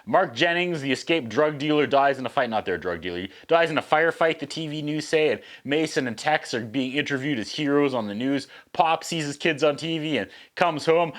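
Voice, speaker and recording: A man's voice: mid-range voice, expressive, a little fast, few pauses, a bit bright. Wry man recapping a movie. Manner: sarcastic, wry asides while recapping. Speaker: host. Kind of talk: casual movie review narration.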